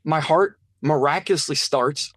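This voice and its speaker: Male interview guest, higher voice, earnest animated testimony, dry close sound. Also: measured pace, no echo. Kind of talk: personal testimony storytelling.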